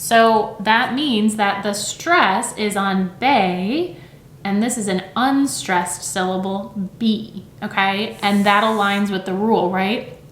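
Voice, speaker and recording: A woman's voice: mid-range voice, takes it slowly, reverberant. Chatty woman teacher explaining phonics. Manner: conversational, frequent "right?" checks, demonstrates sounds aloud. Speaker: teacher and educator.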